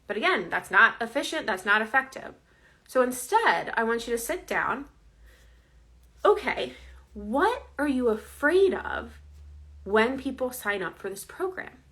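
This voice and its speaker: A woman's voice: a little high, big pitch swings, moderate pace, a bit bright. A woman coaching viewers in a casual, earnest, conversational way, often checking in with "right?". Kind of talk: casual direct-to-camera advice.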